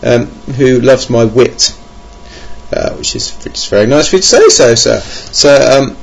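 A man's voice: medium pitch, animated, measured pace, gravelly. A young man hosting a board game podcast alone at his computer, rambling and self-mocking with many ums. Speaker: podcast host. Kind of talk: casual podcast monologue. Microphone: home computer mic.

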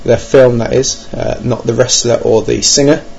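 An English board game vlogger delivers a rambling, wry, self-mocking monologue about his gaming plans, hesitating with many ums. His mid-range voice is gravelly and darkish with a breathy edge, fairly even in intonation at a moderate pace. The lo-fi recording sounds dull, with faint noise.

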